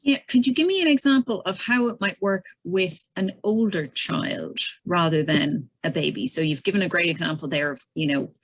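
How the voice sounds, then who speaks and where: Woman host asking quick parenting questions, lowish voice. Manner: asks short practical questions. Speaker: interviewer. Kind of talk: interview questions.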